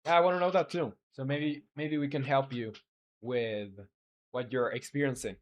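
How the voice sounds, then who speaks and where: A man's voice: medium pitch, fairly even intonation, moderate pace. A man talking casually while streaming game development, reading chat aloud and rambling with many fillers.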